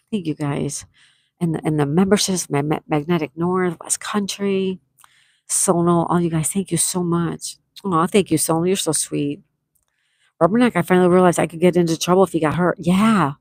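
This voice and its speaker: A woman hosts a relaxed morning livestream, reading out chat messages and gushing thanks to viewers one after another. Her voice sits fairly low, and the sound is close and dry with little room echo. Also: gravelly. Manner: effusive, thanks viewers by name, reads chat aloud. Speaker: livestream host. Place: at home with a view, morning tea.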